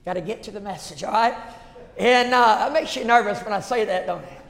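Gravelly pastor preaching. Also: male voice, sits high, brisk. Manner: folksy, building to shouted passion. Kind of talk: storytelling sermon. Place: church sanctuary. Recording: echoey church hall.

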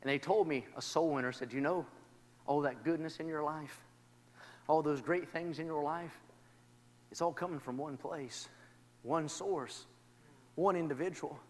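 A man preaching a sermon, moving from quiet testimony to shouted, rhythmic praise. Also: fairly high pitch, unhurried, pauses often. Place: church. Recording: long reverb of a large hall. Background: congregation responding.

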